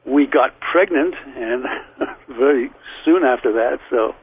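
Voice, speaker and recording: Starszy mężczyzna z akcentem z Liverpoolu, przez telefon. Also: male voice, mid-range voice, slow pace. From England. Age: older. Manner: rambling and anecdotal, with frequent restarts. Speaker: guest. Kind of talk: telling memories in an interview. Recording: tinny phone line with faint hiss.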